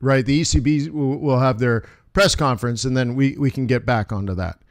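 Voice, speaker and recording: A man's voice: mid-range voice, a little fast, no echo, studio quality. A man in his forties, a forex trader hosting a live trading stream and talking viewers through the markets in a chatty, emphatic way.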